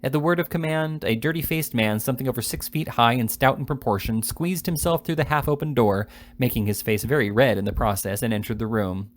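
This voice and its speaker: A man reading a classic novel aloud at a steady pace, with occasional slips and restarts. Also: mid-range voice, a little fast. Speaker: reader.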